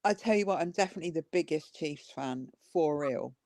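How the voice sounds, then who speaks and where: A woman's voice: low-pitched, expressive, brisk, a little mellow, no room sound, studio quality. A woman with an English accent, a bubbly guest on a casual livestream who laughs often, speaking over a computer mic. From England. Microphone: computer mic on a call.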